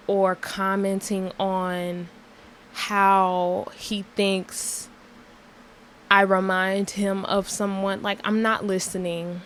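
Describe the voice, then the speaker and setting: A woman's voice: mid-range voice, a little hiss or hum, poor audio. A young woman hosting her podcast, telling a story in a candid, emphatic rant with many filler words. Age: young adult. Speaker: podcast host.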